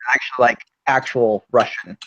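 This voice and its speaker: A man's voice: mid-range voice, fairly even intonation, normal speed, muffled recording, noisy background. A man playing a tabletop game, rambling in the first person about what his character does. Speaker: player.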